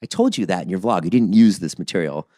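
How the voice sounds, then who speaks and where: Animated man in his forties. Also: low voice, fast, dry recording, clean studio sound. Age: 40s. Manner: animated, self-deprecating storyteller. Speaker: podcast co-host. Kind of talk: casual podcast chat.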